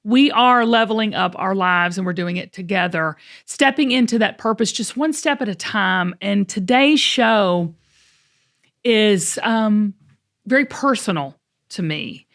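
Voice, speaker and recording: A middle-aged woman, hosting a podcast in chatty, animated talk full of fillers and restarts. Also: medium pitch, measured pace. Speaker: podcast host. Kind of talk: casual podcast chat.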